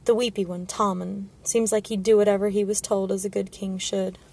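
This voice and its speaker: A woman's voice: mid-range voice, flat delivery, fairly quick, gravelly, a little mellow. A woman reading the part of an insolent, greedy sellsword, cocky and offhand.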